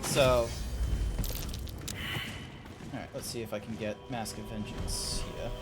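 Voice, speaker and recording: A man's voice: lowish voice, fairly even intonation, slow. A man streaming a game, chatting casually in a rambling way. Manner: rambling, many fillers and restarts. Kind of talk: casual chat while gaming. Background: background music.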